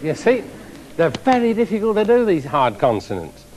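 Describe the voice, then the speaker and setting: A man, an engineering professor, giving a televised science lecture to a live audience in a lecture theatre, explaining with lively demonstrations. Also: high voice, normal speed, a little hiss or hum.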